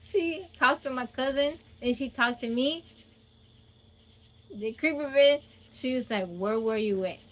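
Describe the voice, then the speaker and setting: A woman hosting a phone livestream, telling a childhood story to her chat in a chatty, animated way with laughs. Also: high-pitched, a little slow, long pauses. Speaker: livestream host. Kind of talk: casual storytelling to a live chat. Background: crickets and insects.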